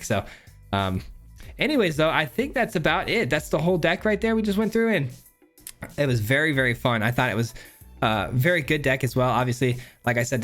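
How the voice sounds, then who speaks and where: A man hosting his own channel, giving a casual, upbeat breakdown of a card game deck, rambling with lots of fillers and restarts. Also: medium pitch. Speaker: channel host.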